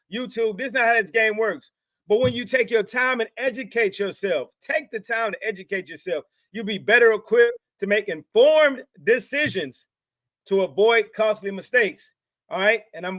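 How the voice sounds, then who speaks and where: High-voiced Texan man giving a preachy pep talk. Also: fairly bright tone, no room sound. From Texas. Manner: repetitive, preachy, informal slang. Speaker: trading channel host. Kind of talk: casual motivational talk to camera.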